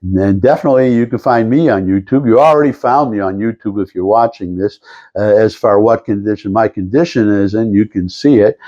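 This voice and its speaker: A man's voice: lowish voice, dark tone, dull audio. An older man talking to camera in a rambling, meandering monologue with lots of restarts and asides. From Detroit area. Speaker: vlogger.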